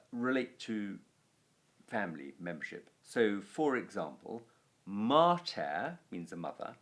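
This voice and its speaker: Slow, animated male Latin teacher. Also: fairly low pitch. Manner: explanatory, chanting word endings, dry asides. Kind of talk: spoken grammar lesson.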